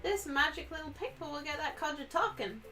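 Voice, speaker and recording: A woman's voice: sits high, a little fast, pitched above the performer's own voice, natural voice. A woman voicing a sassy, flirty barmaid who drawls and teases. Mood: coaxing. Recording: distant mic with faint music.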